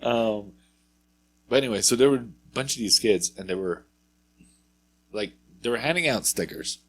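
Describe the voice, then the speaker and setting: A man's voice: mid-range voice, moderate pace, slightly rough. A man co-hosting a podcast, telling a rambling anecdote in casual chat and acting out what people said. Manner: rambling anecdote with acted-out quotes and profanity. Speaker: podcast co-host.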